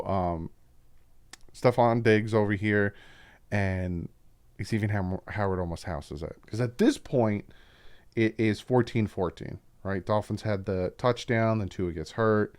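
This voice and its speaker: A man's voice: on the low side, a little slow, a little mellow, clear, resonant tone, dry recording. A man hosting a casual football film breakdown, talking as an opinionated fan with frequent asides. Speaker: YouTube football film-study host.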